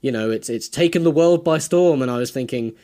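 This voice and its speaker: Young english guy w/ english accent, guest on a chat show, lots of ums and restarts, middle-pitched voice. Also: brisk, mellow. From England. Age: young adult. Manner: hesitant, many fillers and restarts, laughs often. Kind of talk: casual interview chat.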